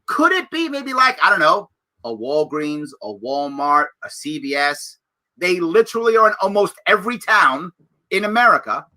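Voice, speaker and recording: A man hosting his own political commentary livestream, talking in a sarcastic, animated, mocking way. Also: sits high, normal speed. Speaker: show host.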